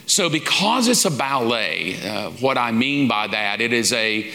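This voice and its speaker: A man's voice: medium pitch, lively intonation, unhurried, vocal fry, bright, forceful tone. A man, a pastor, teaching a sermon in a folksy, informal way, acting out little quoted asides. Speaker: pastor teaching a lesson series. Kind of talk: conversational sermon. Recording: long reverb of a large hall.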